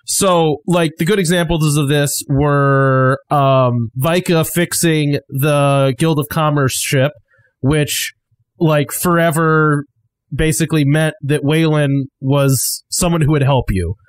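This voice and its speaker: Male game master, a little high-pitched, casual rambling talk with easy laughs, dry close mic. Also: fairly even intonation, slow, dry recording. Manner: laughs easily, rambling with many fillers. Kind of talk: casual podcast chat.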